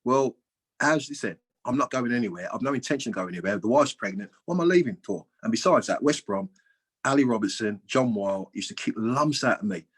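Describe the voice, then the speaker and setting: A man in his sixties, a former footballer and guest, telling chatty stories in a lively, colloquial way. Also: mid-range voice, fairly quick, husky. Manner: lively, acts out other people's lines with big jumps in voice. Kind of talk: anecdotal storytelling.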